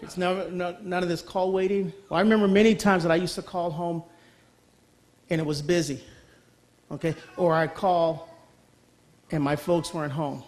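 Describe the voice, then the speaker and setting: A man's voice: high voice, steady tone, moderate pace, pauses often. A middle-aged man giving an earnest personal testimony as a guest speaker, often checking in with his audience by asking okay. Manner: earnest, repeats phrases, asks okay.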